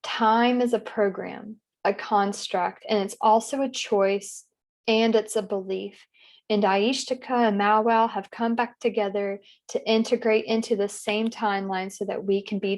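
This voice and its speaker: Woman client in trance, speaking slowly and dreamily, halting and emotional, medium pitch. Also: darkish tone. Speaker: session client. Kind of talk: narrating a guided trance session.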